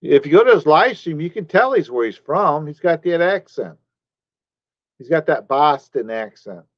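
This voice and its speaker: A man's voice: a little high, sing-song, normal speed, no echo. A man live streaming, chatting casually and rambling while he answers his chat viewers by name. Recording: dull lo-fi stream audio.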